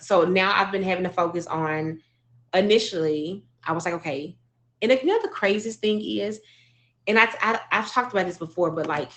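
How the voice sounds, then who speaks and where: A woman's voice: medium pitch, fairly bright tone. Earnest woman telling a personal story. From Arkansas, US. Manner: earnest, emotional, with many "like" fillers and restarts. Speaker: speaker sharing a personal story.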